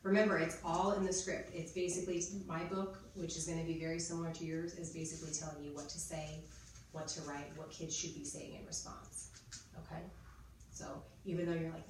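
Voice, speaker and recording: A woman's voice: deep voice, little pitch movement, fairly quick. A woman in her thirties training teachers, chatty and explaining step by step as she models spelling drills. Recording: echoey room, mic far off, noisy.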